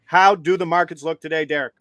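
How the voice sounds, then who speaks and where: Guy cohosting a betting show, smooth and a bit high, dry mic, upbeat and instructive. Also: quick pace, dry recording. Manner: upbeat, steady and instructive, walks viewers through steps. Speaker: co-host. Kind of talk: betting show live stream hosting.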